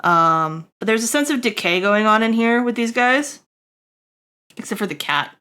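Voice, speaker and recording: Bright-voiced woman rambling through a design critique. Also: expressive, normal speed, clear, resonant tone. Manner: rambling, filler-heavy, checks in with "right?"; jokey asides to chat, bursts high and loud. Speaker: streamer giving character design critique. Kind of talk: casual livestream critique.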